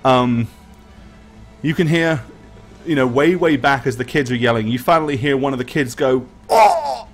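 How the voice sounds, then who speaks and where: A man of mid-range pitch runs a tabletop role-playing game. He narrates loosely, with plenty of fillers and restarts, while faint music plays underneath. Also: moderate pace. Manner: rambling, filler-heavy narration. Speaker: game master.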